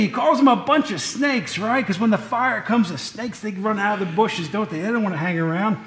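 Guy preaching in a church, chatty and rambly, fixes his words as he goes, highish voice, echoey room. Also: brisk, few pauses, fairly bright tone. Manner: folksy, digressive, self-correcting. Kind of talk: conversational sermon.

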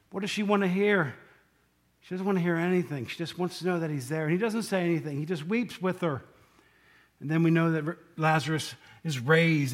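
A man gives a relaxed, conversational sermon with a fairly high voice. He talks to his listeners by name, asks them questions and slips into the quoted speech as he retells the story. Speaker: preacher. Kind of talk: casual sermon.

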